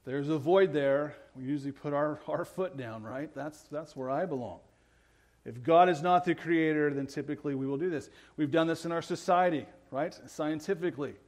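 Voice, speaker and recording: A male pastor preaching a sermon, earnest, often checking in with the congregation and moving between loud emphatic lines and quiet low ones. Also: normal speed. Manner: earnest preaching, keeps asking the congregation "right?".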